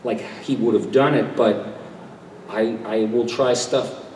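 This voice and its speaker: An older man, a voice actor on a convention panel, telling animated anecdotes and slipping into quoted voices. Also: mid-range voice, a little slow, slight background noise. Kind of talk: storytelling at a fan panel. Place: large convention hall. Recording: echoey convention hall mic from a distance.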